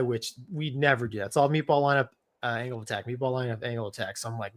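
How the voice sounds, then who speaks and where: With a mid-range voice and a quick pace, a middle-aged former Navy fighter pilot tells a casual story while co-hosting a live show. He laughs mid-sentence, stays animated, and relies on "man" and "dude."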